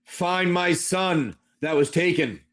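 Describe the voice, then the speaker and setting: A man's voice: high voice, slow, fairly bright tone. A man voicing a ghoulish male priest who is pompous and desperate to find his lost son. He is bossy and pleading.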